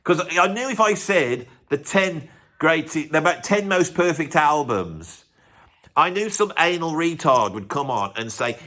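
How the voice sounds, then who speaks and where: A man's voice: fairly high pitch, lively intonation, a little slow, bright, forceful tone. A man hosting his music channel, rambling and teasing his viewers. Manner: rambling, teasing, self-mocking asides. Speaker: YouTube music channel host. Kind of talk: casual vlog commentary.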